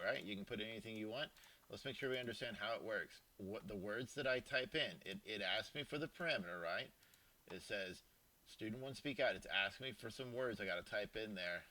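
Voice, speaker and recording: Bright-toned man teaching coding casually. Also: fairly low pitch. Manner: informal, thinks aloud, frequent restarts and asides. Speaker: programming teacher. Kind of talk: casual screen-recorded coding lesson. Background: keyboard typing and clicks.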